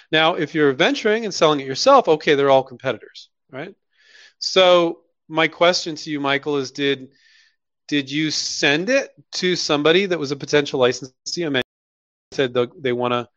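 A man's voice: fairly high pitch, a bit bright, no echo, lo-fi sound. A man hosting a live question-and-answer session, talking bluntly and casually. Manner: blunt, mock-quoting others in put-on voices. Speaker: host answering viewer questions.

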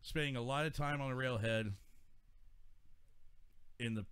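A man in his forties reads news stories aloud on a casual talk radio show, then riffs on them with his co-hosts. His voice sits at an ordinary middle pitch. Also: unhurried, a bit bright, clean tone.

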